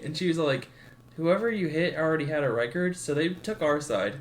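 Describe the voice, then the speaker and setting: A young man on a podcast talks with a slightly raised pitch, relaxed and casual. He drifts through his story and slips into voices for the people in it. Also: fairly quick. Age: 20s. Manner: laid-back, acts out quotes with swearing and laughter. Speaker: podcast co-host.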